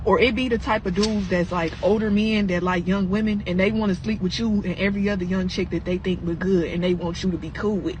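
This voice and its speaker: A woman's voice: mid-range voice, steady tone, fairly quick, few pauses, slight background noise, low-quality recording. A young woman in a casual vlog, lecturing with rhetorical questions. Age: young adult.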